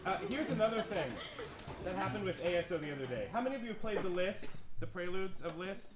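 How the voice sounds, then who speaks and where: A man conducting a youth orchestra rehearsal, counting beats, singing parts and giving brisk, joking instructions. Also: high-pitched, crowd noise. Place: concert stage with orchestra. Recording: roomy stage, orchestra nearby.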